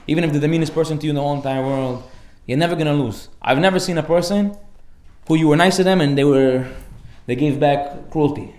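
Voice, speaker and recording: Fast, animated rabbi in an echoey room. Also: male voice, on the high side. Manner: animated storyteller, acts out characters with sudden loud outbursts; sprinkles Hebrew and Aramaic terms into casual English. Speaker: rabbi giving a Torah class. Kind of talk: lively informal Torah lecture.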